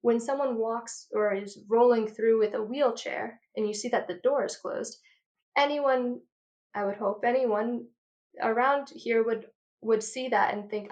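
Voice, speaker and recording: Passionate, fast-lecturing woman audiologist. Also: on the high side, darkish tone. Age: 30s. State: out of breath. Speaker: audiologist guest. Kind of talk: enthusiastic interview talk.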